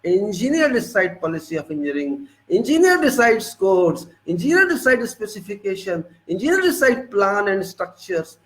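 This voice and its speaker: A man with an Indian English accent, lecturing about engineering work. He speaks in a high voice and drives his points home with forceful repetition. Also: poor audio. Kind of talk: lecture-style monologue.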